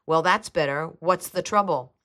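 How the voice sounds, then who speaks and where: A woman reading aloud, voicing a male police lieutenant with a crisp, sarcastic delivery. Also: sits low, moderate pace, fairly bright tone.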